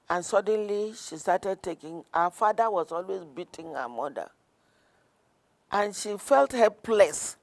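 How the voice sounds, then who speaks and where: Gravelly-voiced woman counsellor. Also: on the low side, a little mellow. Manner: earnest, storytelling, with frequent restarts. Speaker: guest counsellor. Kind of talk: conversational interview.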